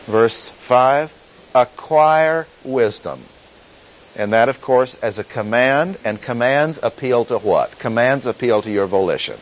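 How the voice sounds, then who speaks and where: Guy preaching a bible lesson, voice swings up and down a lot, slow and emphatic, repeats stuff for effect. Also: medium pitch, expressive, poor audio. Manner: deliberate, emphatic repetition. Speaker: pastor teaching. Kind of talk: expository Bible teaching.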